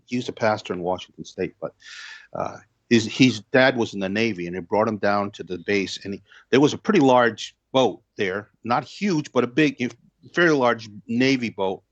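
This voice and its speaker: A man in his sixties, a pastor and guest, telling stories in a measured way and acting out the dialogue. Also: mid-range voice, no room sound, dull audio. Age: 60s. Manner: measured storyteller who acts out dialogue. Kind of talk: storytelling in an interview.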